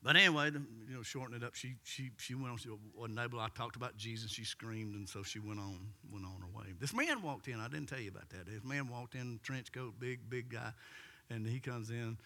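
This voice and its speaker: Bright-voiced pastor telling a story. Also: male voice, mid-range voice, a little fast. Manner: animated storyteller, acting out voices. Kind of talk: storytelling sermon.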